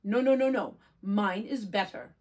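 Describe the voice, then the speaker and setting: A woman voicing a proud, squabbling old grandmother in a storybook reading, loud and insistent. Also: mid-range voice, measured pace, lightly acted.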